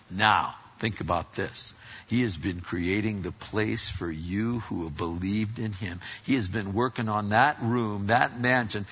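Guy pastor preaching, raspy crackly voice, kinda sharp, goes loud then hushed, muffled lo-fi audio. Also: fairly low pitch. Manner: animated and folksy, swinging between loud exclamations and hushed asides. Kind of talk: sermon. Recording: dull lo-fi sound.

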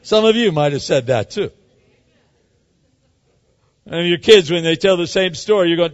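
A man preaching a sermon, swinging dramatically between loud and hushed. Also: high-pitched, lively intonation, normal speed, pauses often, long reverb tail, muffled recording. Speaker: pastor.

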